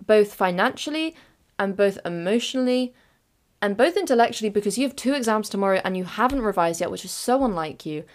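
A young woman voicing her sensible female head of year, who gives calm, matter-of-fact advice. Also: medium pitch, natural voice. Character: firm, sensible female schoolteacher.

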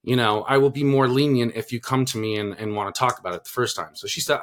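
A man's voice: medium pitch, fast, few pauses, a bit bright. A man in casual podcast conversation, speaking with a mid-range voice. He talks earnestly and loosely, circling back with restarts and fillers as he works through his thoughts. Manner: earnest, rambling, frequent restarts and "you know" fillers. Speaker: podcast co-host and parent.

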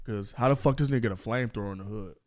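A young man co-hosting a podcast, loud and animated in crude casual banter, repeating his catchphrases. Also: fairly low pitch, rapid-fire. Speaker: podcast co-host.

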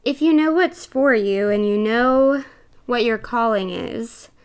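A woman's voice: on the high side, lively intonation, unhurried, clean tone. A young woman hosting a podcast, talking in a chatty, earnest way with lots of fillers, a little out of breath. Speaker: podcast co-host. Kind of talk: casual podcast monologue.

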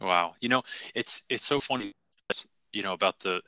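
Bright-toned low-voiced man. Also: moderate pace, no echo. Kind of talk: casual podcast chat.

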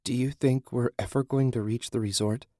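A man's voice: medium pitch, fairly even intonation, normal speed, mellow, no echo, clean studio sound, voice pushed up, natural voice. A man voicing a weary, sarcastic young woman who has survived a nightmare, speaking bitterly in an audiobook. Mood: weary, despairing. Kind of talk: audiobook character voice.

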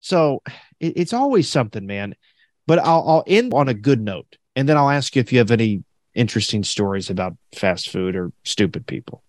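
In a clean, dry studio recording, a man with a mid-range voice hosts a podcast. He keeps the chat casual, telling lively stories and voicing what other people said.

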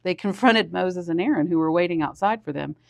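A man, a pastor, reading scripture aloud steadily with small restarts, and getting louder on the commands. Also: high-pitched, a little fast, vocal fry.

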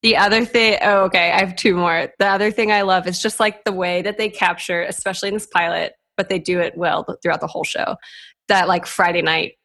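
A woman's voice: lowish voice, fairly even intonation, brisk, a bit bright. A young woman co-hosting a podcast in casual chat, laughing often and filling her talk with "like", heard over a video call. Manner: chatty, laughs often, lots of "like" fillers. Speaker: podcast co-host.

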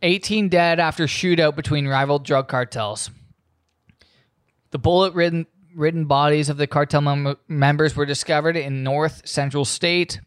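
A man's voice: a little high, fairly even intonation, moderate pace, clean tone, no echo, studio quality. A man hosting a podcast, rambling profanely through a casual monologue and reading news aloud. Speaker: podcast host.

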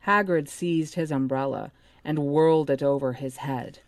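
Lower-voiced woman reading aloud. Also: normal speed, no room sound. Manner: steady narration, curious questions. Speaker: book club podcast co-host and reader. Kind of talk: reading a novel aloud, then casual chat.

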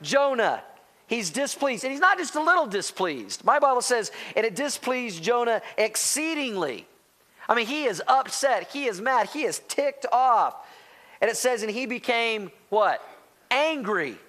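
A man preaching a sermon as pastor, animated, talking straight to the congregation and calling out to them. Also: very high voice, moderate pace. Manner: animated, rising to near-shouting excitement; addresses congregation directly as church.

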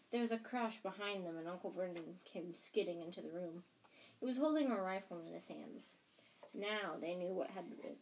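A woman's voice: lowish voice, a little mellow, a little hiss or hum. Woman casually reading an audiobook. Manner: plain, unpolished reading with restarts. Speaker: audiobook reader and podcast host.

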